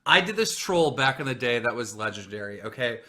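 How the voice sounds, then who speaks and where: A man's voice: mid-range voice, sing-song, fairly quick, pushed and bright. A man hosting a casual chat, telling a prank story in a brash, boastful way and punctuating it with "right?" and "okay?". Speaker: host.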